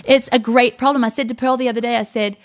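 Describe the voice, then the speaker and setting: A woman co-hosting a podcast, telling stories with animated, emphatic delivery in a casual faith talk. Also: on the high side, fast talker. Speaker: podcast co-host.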